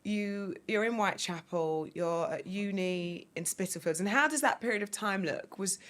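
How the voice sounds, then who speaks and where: Woman host, mid pitch, encouraging and loose, lots of fillers. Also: normal speed. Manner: warm, encouraging, filler-heavy. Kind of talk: casual interview chat.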